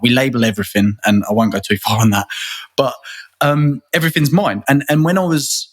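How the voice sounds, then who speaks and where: A man's voice: mid-range voice, steady tone, brisk. A man, a guest in a casual interview, talking earnestly and rambling, often repeating words and restarting. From England.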